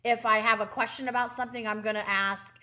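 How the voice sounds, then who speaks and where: Blunt, foul-mouthed middle-aged female co-host, bright voice that acts out the people she quotes. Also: on the high side, fairly even intonation, quick pace. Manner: blunt, profane storytelling. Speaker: podcast co-host. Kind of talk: casual chat.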